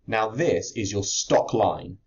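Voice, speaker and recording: Man, chemistry teacher, step-by-step exam-prep lesson, fairly low voice, dull lo-fi audio. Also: expressive, slow, creaky. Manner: explains step by step while writing, with fillers and restarts. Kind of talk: exam-prep lesson walking through a worked answer.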